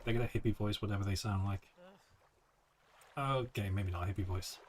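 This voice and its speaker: Man, game streamer, casual commentary, laid-back, swears a lot, lowish voice. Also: fairly quick, slight background noise.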